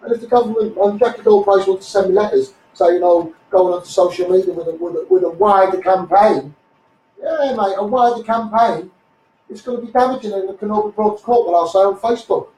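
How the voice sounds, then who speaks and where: Ranting Scouse man, high voice. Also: quick pace, hardly any pauses, warm tone, roomy sound, far from the mic, rough recording. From Liverpool, England. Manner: blunt, combative, repeats "you know what I mean". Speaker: Facebook Live streamer. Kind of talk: ranting live stream monologue.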